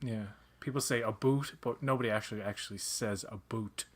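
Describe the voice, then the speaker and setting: A man's voice: on the low side, fairly even intonation, a little fast. A man with a Newfoundland accent, chatting casually while watching a movie. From Newfoundland, Canada. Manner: chatty, tells stories with put-on voices. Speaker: co-host. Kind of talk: casual watch-along chat.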